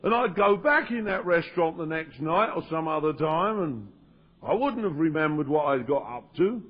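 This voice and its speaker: A man's voice: high voice, moderate pace. Man telling his story, dull old tape. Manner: storytelling, acts out quoted dialogue in raised voices. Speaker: recovery meeting speaker. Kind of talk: personal recovery story told to an audience. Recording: dull lo-fi 1992 tape of a live talk.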